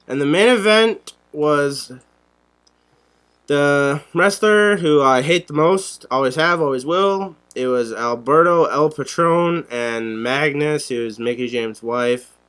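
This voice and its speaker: A man's voice: mid-range voice, a bit bright, smooth. A young man co-hosting a podcast, talking bluntly and sarcastically and swearing often. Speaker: podcast co-host. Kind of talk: casual podcast chat.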